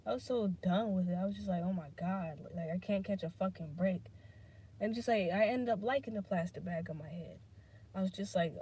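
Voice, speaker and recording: A woman's voice: medium pitch, warm tone, breathy edge. A woman hosting a casual solo podcast, rambling between topics and swearing freely as she talks things through. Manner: drifts between topics, many fillers. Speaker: podcast host.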